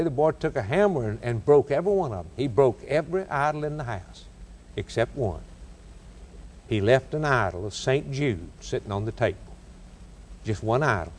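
A male preacher with a mid-range voice delivers a sermon. He tells his stories dramatically, building lists in cadence. His voice rises and falls in pitch, and his pace shifts freely. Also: a little hiss or hum.

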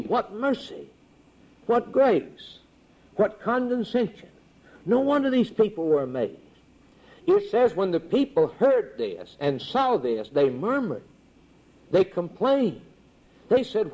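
A man preaching a sermon with a rhythmic, repetitive cadence and sudden swings in pitch. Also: very animated, a little slow, long pauses. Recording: dull lo-fi recording.

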